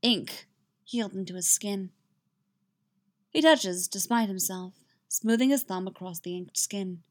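A woman reading fan fiction aloud, in an expressive storytelling manner. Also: medium pitch, a little slow. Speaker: reader.

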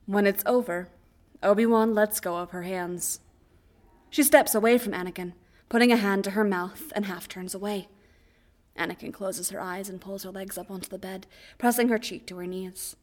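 A woman narrating fan fiction aloud as an audiobook, in a quiet, even storytelling voice. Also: mid-range voice, normal speed.

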